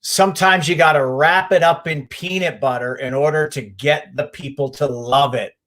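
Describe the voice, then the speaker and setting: A man's voice: a little high, steady tone, moderate pace, fairly bright tone. A man hosting a podcast who asks long, rambling questions full of restarts and reacts with enthusiasm. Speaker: podcast host. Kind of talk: casual interview hosting.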